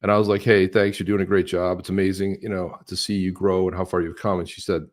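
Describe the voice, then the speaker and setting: A middle-aged man co-hosting a casual livestream chat, telling stories with lively impressions of other people. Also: sits low, fast. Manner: animated storyteller, mimics others with a raised voice. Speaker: co-host of a crypto livestream.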